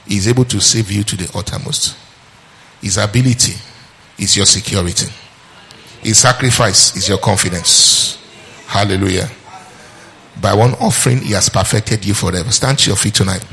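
A male preacher delivering a sermon, reading scripture and quizzing his listeners, repeating phrases for emphasis and slowing down on key verses. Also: on the low side, creaky, fairly bright tone, a little hiss or hum.

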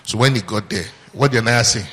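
This preacher talks fast in a lowish, somewhat bright voice, reading scripture aloud and quizzing the congregation call-and-response style. The hall gives the recording a long reverb.

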